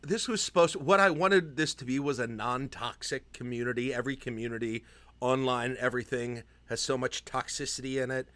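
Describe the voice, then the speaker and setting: A man co-hosting a casual sports podcast, talking in an animated, chatty way. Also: medium pitch, a little fast. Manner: animated, puts on a mock Irish accent at times. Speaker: podcast co-host. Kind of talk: casual chat. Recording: remote call recording.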